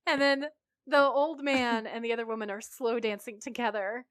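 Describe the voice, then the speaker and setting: A woman's voice: on the high side, fairly quick, dry recording. A woman co-hosting a podcast, animatedly recapping a TV episode and acting out the characters' lines. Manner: animated storytelling, acting out quotes. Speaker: podcast co-host. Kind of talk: casual chat recapping a TV episode.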